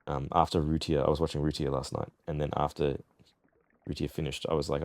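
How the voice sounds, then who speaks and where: A man's voice: very deep voice, fairly even intonation, quick pace, a little mellow, no room sound. A young Australian man streaming a video game, chatting in a rambling, laughing way with plenty of swearing. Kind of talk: casual gaming commentary.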